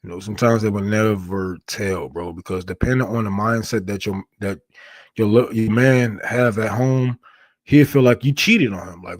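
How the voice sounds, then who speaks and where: A man's voice: lowish voice, normal speed, dry recording. A man hosting a livestream in casual commentary, talking in a rambling way with heavy slang and lots of swearing. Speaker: livestream host.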